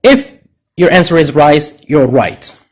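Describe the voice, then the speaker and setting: A man teaching English pronunciation in a deliberate way, with Arabic as his first language, exaggerating stressed words as he models them. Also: a little high, big pitch swings. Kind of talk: pronunciation lesson.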